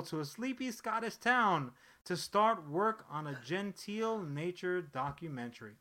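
A man with a slightly high, sharp and tense voice chats casually as a podcast co-host. He rambles through the story, swears freely and keeps restarting his sentences. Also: unhurried, few pauses. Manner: rambling, profane, animated storytelling with frequent restarts. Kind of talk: casual chat.

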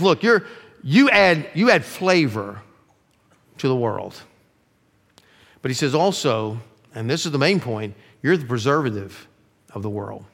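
A middle-aged male pastor preaching a sermon earnestly, dropping his voice low to stress key lines. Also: fairly bright tone. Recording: long reverb of a large room.

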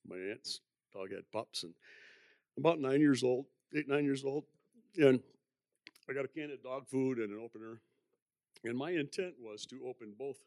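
An older man with a gravelly, creaky voice tells his church testimony, wandering through the story and chuckling at himself. The sound is dry and close, with no room ring. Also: medium pitch, darkish tone, no echo. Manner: rambling, chuckling, self-deprecating. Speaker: church member giving testimony.

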